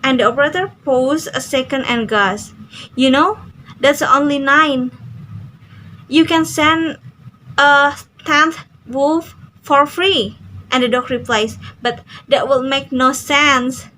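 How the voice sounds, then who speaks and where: A young woman reads a radio interview script aloud at an unhurried pace. Her voice sits high and bright, with a faint hiss behind it. She reads carefully, with small slips and restarts. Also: poor audio. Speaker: student. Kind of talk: reading an interview transcript aloud.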